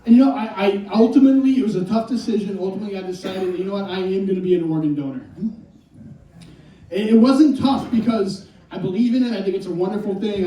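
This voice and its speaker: A man's voice: high voice, dark tone. A man doing a stand-up comedy set, telling wry, self-deprecating stories on stage. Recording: echoey club from far off.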